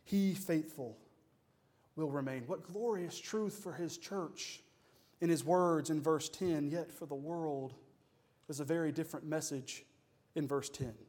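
A man delivers a Sunday sermon from the pulpit. His voice sits a little high and moves between quiet, deliberate phrases and rising, forceful declarations. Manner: preaching with dynamic swells and pauses, uses "y'all". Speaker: pastor.

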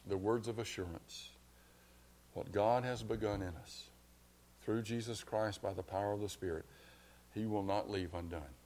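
A man preaching a sermon as pastor, his delivery swelling from hushed to loud. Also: fairly low pitch, steady tone, normal speed, a little hiss or hum.

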